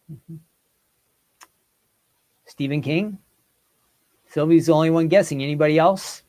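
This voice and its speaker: A man with a somewhat high-pitched voice hosts a relaxed quiz for his livestream viewers. He talks in an animated way, reads out their comments and guesses, and keeps the chat involved. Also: slow pace, long pauses. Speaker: host. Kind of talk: casual quiz with live chat.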